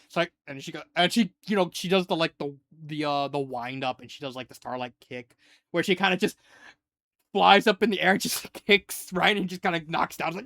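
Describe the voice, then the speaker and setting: A man giving a casual spoken review, rambling with lots of "like" and getting animated as he retells scenes. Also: a little high, brisk, dry recording. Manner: rambling, heavy use of "like". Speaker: fanfiction reviewer.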